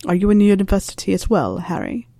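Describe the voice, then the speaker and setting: A woman voicing a stern, dry older male professor in a storybook reading, speaking slowly and in a clipped, measured way. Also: medium pitch, big pitch swings, mellow, no echo.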